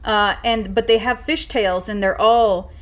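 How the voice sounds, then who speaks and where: A woman's voice: mid-range voice, fairly even intonation, measured pace. A woman vlogger telling a story in a casual, rambling way, full of fillers and restarts.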